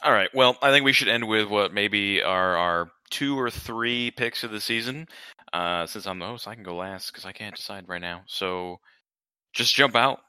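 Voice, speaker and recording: Bright, crisp-voiced podcast host man. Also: fairly low pitch, normal speed, dry recording. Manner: joking, self-deprecating. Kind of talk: casual chat.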